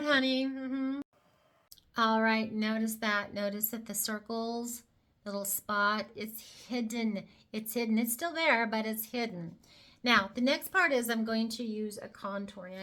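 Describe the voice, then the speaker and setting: A woman's voice: mid-range voice, fairly bright tone. A woman presenting a casual makeup tutorial, talking the viewer through each step with chatty, playful asides. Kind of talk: casual how-to demonstration.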